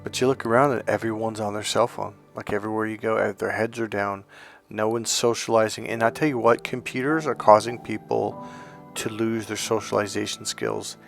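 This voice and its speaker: Gravelly low-voiced man telling a story. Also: flat delivery, brisk, soft background music. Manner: rambling, restarts words, folksy asides. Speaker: dating and relationship coach. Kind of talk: casual storytelling monologue.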